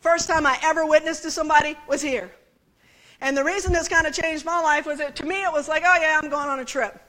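High bright animated woman preaching. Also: quick pace. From United States. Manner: animated, chatty, laughs with the congregation. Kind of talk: sermon storytelling.

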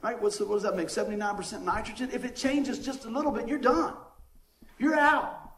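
A man with a high voice preaches in a lively, down-home way, drawing the congregation in with call-and-response. His voice rings out in an echoey church room. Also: a little fast. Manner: folksy, down-home phrasing. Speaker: pastor. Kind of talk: sermon. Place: church sanctuary.

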